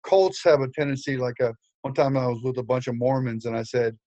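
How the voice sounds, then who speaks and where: A man's voice: medium pitch, steady tone, brisk, warm tone, no room sound, highs cut off. An older man preaching, telling a story with humor, with frequent fillers and restarts. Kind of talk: storytelling sermon.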